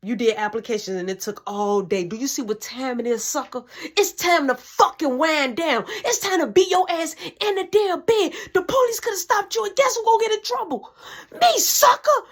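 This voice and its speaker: A woman voicing a furious, strict middle-aged mother who scolds loudly and curses. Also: fairly high pitch, animated, normal speed. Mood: scolding. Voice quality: loud, profane scolding.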